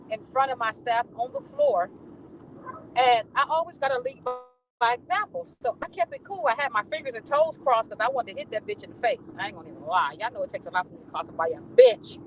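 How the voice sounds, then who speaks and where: A woman venting in a casual, profane, animated monologue while riding home. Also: fairly high pitch, quick pace, background noise. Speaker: vlogger. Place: in a car on the ride home.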